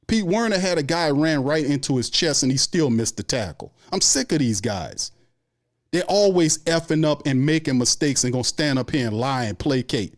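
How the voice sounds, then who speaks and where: A man's voice: a little high, expressive, moderate pace. New guy ranting hard about his team, cussing, repeating himself, mad. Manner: angry, profane, repetitive ranting. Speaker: sports show host. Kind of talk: heated fan rant.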